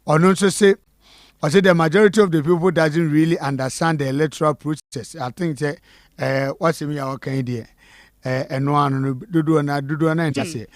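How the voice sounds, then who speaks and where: A man's voice: on the high side, steady tone, moderate pace, no room sound, studio quality. Ghanaian man reading viewer messages live. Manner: reads out names and messages, mixing Twi and English. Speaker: host reading viewer comments. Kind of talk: live election-night studio talk. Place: studio.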